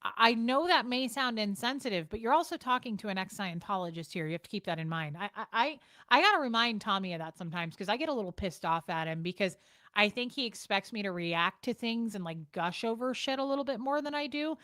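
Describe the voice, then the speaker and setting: Her medium-pitched voice is animated and fairly bright as she chats casually with viewers on her home livestream. The host is blunt and profane, switching gears fast, and the audio has no echo.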